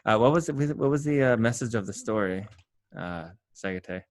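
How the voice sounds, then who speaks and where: A man's voice: on the low side, lively intonation, moderate pace, no echo. A man hosting a casual reading club chat, joking and swearing, often restarting his sentences. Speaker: book club host.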